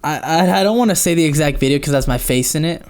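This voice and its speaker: A man's voice: on the high side, expressive, quick pace, a little mellow, smooth. A man hosting a casual podcast, playful and teasing as he asks questions. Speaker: podcast host.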